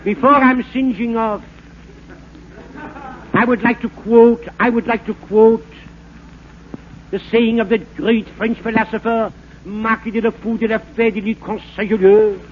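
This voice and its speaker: An actor playing a bumbling fake French professor, in rambling, stammering comic patter for a 1940s radio comedy. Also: male voice, sits high, fairly even intonation, measured pace, long pauses. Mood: mock-lecturing. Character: bumbling fake French professor, fast-talking huckster man. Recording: narrow-band scratchy 1940s radio broadcast.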